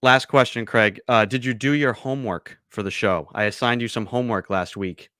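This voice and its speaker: A man's voice: mid-range voice, moderate pace, bright, forceful tone, no echo, clean studio sound. A man hosting a casual radio show, teasing his guest in a playful way.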